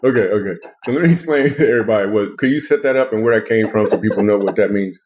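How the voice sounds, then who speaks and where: A man's voice: fairly low pitch, fast talker, a little mellow. A man hosting a casual comedic chat, playful and rambling as he jokes with his co-hosts. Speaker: podcast host and author.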